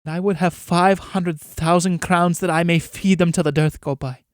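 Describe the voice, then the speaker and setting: A man voicing a noble, selfless countess in a quiet, solemn and restrained way. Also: high voice, fairly even intonation, normal speed, dry recording, clean studio sound, close to an everyday voice.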